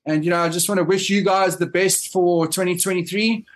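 A man's voice: high-pitched, fairly even intonation, a little fast. Rambling man with a raised voice. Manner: rambling, full of fillers and restarts. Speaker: podcast co-host. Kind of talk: casual chat.

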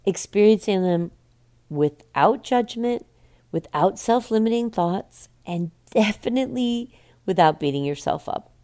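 A woman hosting a podcast, talking calmly in a coaching, reflective monologue. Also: mid-range voice, unhurried. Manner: calm, coaching, speaks in quoted self-talk. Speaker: podcast host.

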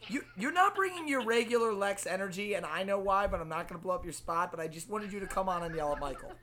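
A man's voice: high-pitched, animated, fast, bright, forceful tone. A man co-hosting a podcast, teasing and laughing through casual chat. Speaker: podcast co-host.

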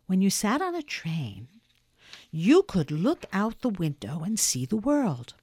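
A woman reading a story aloud with gentle, expressive narration. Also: medium pitch, measured pace, slightly rough, no echo. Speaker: reader.

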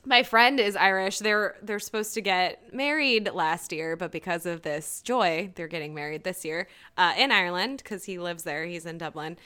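A woman's voice: lowish voice, normal speed, hardly any pauses, bright, forceful tone, smooth. A woman co-hosting a casual chat, retelling TV scenes with quoted lines and frequent laughter. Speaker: podcast co-host recapping a TV episode.

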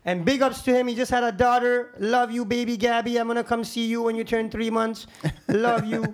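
A man who is a guest on a podcast, telling casual stories in quick run-on sentences that are animated, slangy and full of swearing. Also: extremely high pitch. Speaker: podcast guest, construction crew founder. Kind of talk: casual storytelling.

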